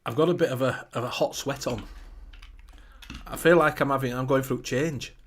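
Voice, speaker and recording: Yorkshire guy co-hosting a livestream, jokey, laughs a lot, normal pitched voice. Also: normal speed. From Leeds, England. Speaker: co-host. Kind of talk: casual livestream chat.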